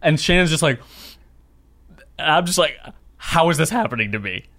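Self-mocking man telling animated stories. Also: a little high, normal speed. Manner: animated storyteller, acts out quoted voices; self-deprecating. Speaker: podcast co-host. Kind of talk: casual chat.

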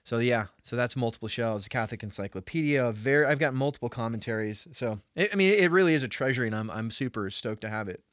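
A man's voice: medium pitch, expressive, quick pace, few pauses, fairly bright tone, no room sound, studio quality. A man co-hosting a podcast in casual chat, rambling with fillers and restarts and acting out quotes. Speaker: podcast co-host.

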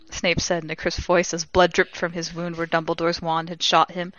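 A woman co-hosting a podcast, reading a text aloud in a deadpan comic way on a close mic. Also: on the low side, fairly quick, hardly any pauses, dry recording. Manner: deadpan reading broken by laughter. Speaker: podcast co-host. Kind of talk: comedic dramatic reading.

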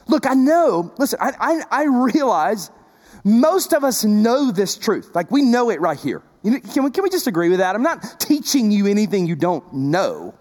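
A man's voice: extremely high pitch, lively intonation, moderate pace, darkish tone, in a large hall. A male pastor preaching a sermon in a conversational, emphatic way, repeating words and adding asides to the congregation.

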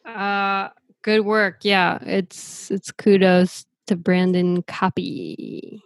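Creaky, laid-back woman co-host. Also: medium pitch, fairly even intonation, very slow, no echo. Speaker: podcast co-host. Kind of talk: casual chat.

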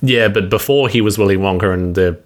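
A man's voice: on the low side, brisk. A man, co-hosting a casual podcast and teasingly coaching others on pronunciation. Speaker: podcast co-host. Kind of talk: casual chat.

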